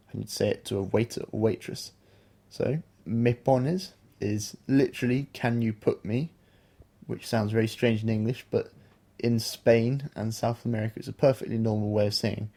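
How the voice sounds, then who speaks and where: Male podcast teacher, patient and explanatory, mellow low-key tone. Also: creaky. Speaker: language teacher, podcast co-host. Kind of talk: explaining a beginner language lesson.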